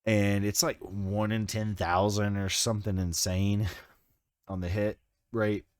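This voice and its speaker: A man's voice: lowish voice, flat delivery, a little slow, dry recording, clean studio sound. A man co-hosting a livestreamed podcast, talking in a playful, slangy, teasing way. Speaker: podcast co-host. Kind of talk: casual livestream chat.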